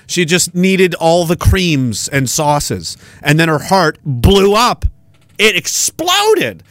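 A man's voice: on the high side, slow, dry recording. A man hosting a podcast, delivering a crude, profane, mocking rant. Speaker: podcast host. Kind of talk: ranting commentary.

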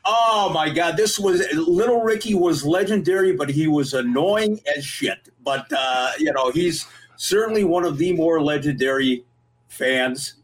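A man co-hosting a podcast, telling stories with a lively, animated delivery. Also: a little high, measured pace, poor audio. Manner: lively, animated anecdote teller. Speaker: podcast co-host. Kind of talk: storytelling chat.

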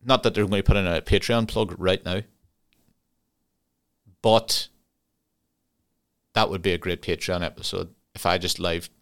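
A man's voice: low voice, fairly even intonation, measured pace, pauses often, smooth. A young Irish man hosting a podcast alone, rambling and swearing casually, often laughing at his own tangents. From Ireland. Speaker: podcast host. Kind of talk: casual solo podcast chat.

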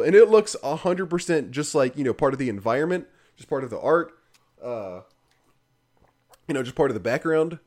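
Rambling man with a higher voice. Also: a little mellow. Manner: rambling, heavy use of fillers, frequent laughs; dry, critical. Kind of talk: casual chat reviewing a video game.

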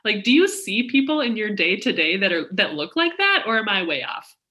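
A woman's voice: mid-range voice, big pitch swings, brisk, pushed and bright. A woman from Minnesota hosting a casual interview, asking curious, rambling questions.

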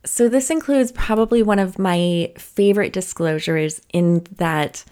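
With a medium-pitched, slightly mellow voice, a woman hosts a podcast, speaking a little slowly and with few pauses. She tells a personal story in a candid, chatty way, laughing now and then, in casual solo storytelling.

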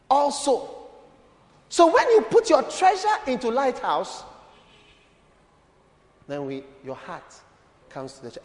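A man preaching a lively sermon as a bishop, playful and calling on the congregation to answer. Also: very high-pitched, unhurried, pauses often. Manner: animated, playful, calls on the congregation. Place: church hall. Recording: echoey church hall.

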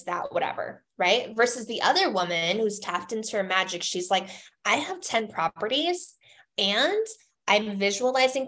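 A woman talking as a podcast guest in a casual, animated way, full of fillers, acting out her own inner voices. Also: medium pitch.

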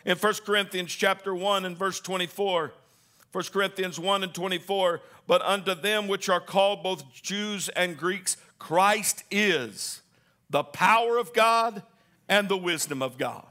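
A man preaching a sermon, calling on the congregation to answer back and rising into shouted lines. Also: high-pitched, unhurried. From Southern Indiana.

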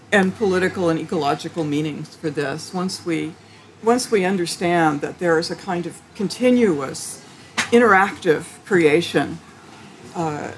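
A woman theologian answering interview questions in a thoughtful, halting way, with frequent restarts and light laughter. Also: fairly low pitch, a little hiss or hum. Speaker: theologian guest.

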